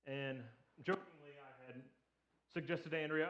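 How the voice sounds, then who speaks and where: Casting: male pastor, mid pitch, easygoing and joking, quizzes the crowd; muffled lo-fi church recording. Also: normal speed. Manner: joking, conversational, asks the audience questions. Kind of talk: casual sermon. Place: church sanctuary.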